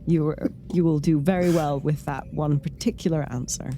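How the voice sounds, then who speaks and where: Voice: mid-range voice, steady tone, moderate pace, dark tone. A podcast co-host chatting casually, with dry, teasing remarks.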